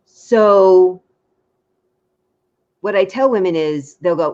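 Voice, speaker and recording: A woman dating coach giving frank, lively advice in a casual chat, acting out little quotes. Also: fairly low pitch, takes it slowly, pauses often, dull audio.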